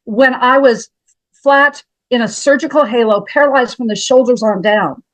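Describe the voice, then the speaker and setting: A woman's voice: a little high, normal speed, a bit bright, no room sound, low-quality recording. Dramatic storytelling woman in her seventies. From Montana, USA. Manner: dramatic, emphatic storytelling, often addresses the host by name. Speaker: guest, health practitioner. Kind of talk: interview storytelling.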